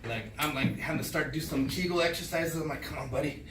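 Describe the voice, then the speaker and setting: A male stand-up comedian telling a crude, profane story, acting out his own reactions in loud bursts. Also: a little high, fast, roomy sound, recorded from a distance, a little hiss or hum, poor audio. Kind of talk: stand-up set. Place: small comedy club stage. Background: audience laughter.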